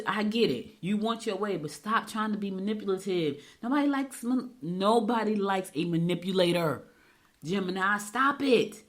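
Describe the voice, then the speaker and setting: A middle-aged woman hosting a horoscope segment, giving chatty advice and telling quick storytelling asides. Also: lowish voice. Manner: talks fast when excited. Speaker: radio show host. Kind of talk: casual horoscope segment with chat.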